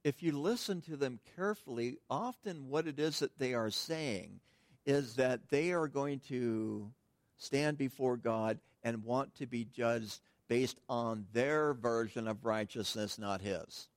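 A man's voice: medium pitch, slow, no room sound. A man preaching a sermon in a conversational way, with frequent restarts and asides to the congregation. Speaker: pastor.

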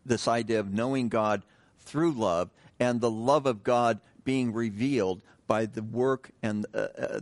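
A middle-aged man preaching a sermon, reading scripture and praying, then talking in a loose, conversational way with restarts and joking asides. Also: lowish voice. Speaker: pastor.

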